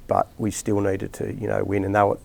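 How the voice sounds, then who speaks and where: Gravelly low-voiced Australian coach. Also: male voice, monotone, a little fast, darkish tone. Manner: rambling anecdotes with many restarts and fillers. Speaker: rugby league coach, podcast guest. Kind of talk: casual storytelling interview.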